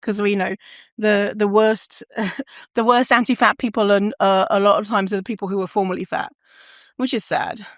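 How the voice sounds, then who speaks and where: A woman's voice: medium pitch, little pitch movement, normal speed, dry recording, studio quality. A woman hosting a casual solo podcast. She talks candidly, swears freely and laughs often. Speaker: podcast host.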